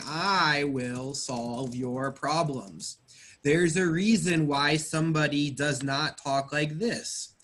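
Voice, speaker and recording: A man's voice: a little high, fairly bright tone. A man teaching an English grammar class, explaining patiently step by step and quizzing his students.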